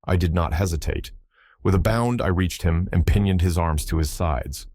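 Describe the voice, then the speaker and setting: Low-voiced guy reading a novel aloud, earnest, dry close sound. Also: moderate pace, mellow, dry recording. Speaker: audiobook narrator. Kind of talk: scripted narration.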